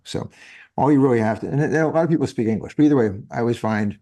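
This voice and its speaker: A man's voice: mid-range voice, quick pace, warm tone. A man in his fifties hosting a casual interview, rambling and correcting himself as he goes. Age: 50s. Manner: rambling, self-correcting, chuckles often. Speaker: podcast host. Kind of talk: casual conversation. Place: living in France.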